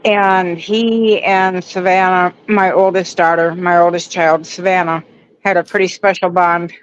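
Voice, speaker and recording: A caller speaking slowly and haltingly, with fillers. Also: medium pitch, level tone, dull audio, slight background noise.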